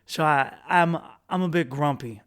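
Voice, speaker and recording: A man from the United States hosting a podcast, telling a travel story in a rambling, crude, self-mocking way with quick restarts. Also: on the high side, a bit bright, smooth. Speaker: podcast host. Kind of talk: casual storytelling monologue.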